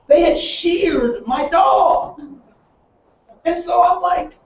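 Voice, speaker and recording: A man's voice: extremely high pitch, lively intonation, takes it slowly, long pauses, darkish tone, a little hiss or hum. A man leading a training seminar, telling stories and asking his audience rhetorical questions. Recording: roomy, distant, dull sound.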